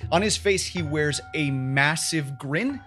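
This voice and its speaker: A man's voice: a little high, slow pace, a bit bright, faint music behind. A man running a tabletop game as game master, narrating in a casual, descriptive way with fillers.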